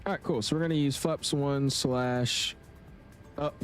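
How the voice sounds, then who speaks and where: A young man casually commentating his flight simulator live stream, chatting with viewers in a relaxed, slangy way. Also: mid-range voice, a little slow, faint music behind. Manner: laid-back, chatty, slangy, reads chat aloud.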